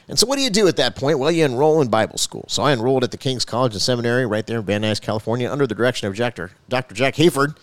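A man's voice: mid-range voice, animated, racing, hardly any pauses, dry recording. A male pastor telling his personal faith testimony in an earnest storytelling manner, building emphasis as he goes.

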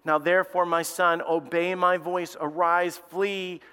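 A male pastor preaching a sermon. He reads scripture in a lower, quieter voice and then builds to loud, impassioned questions. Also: little pitch movement, measured pace, clear, resonant tone, in a large hall.

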